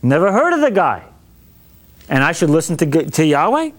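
Dismissive scoffing king, high and expressive, as a teacher acts him out. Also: normal speed. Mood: scornful. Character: dismissive scornful male king.

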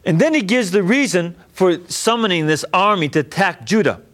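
A man's voice: high voice, animated, normal speed, fairly bright tone. A man teaching a scripture lesson, reading verses and paraphrasing them in plain everyday speech. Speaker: Bible teacher. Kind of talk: scripture lecture.

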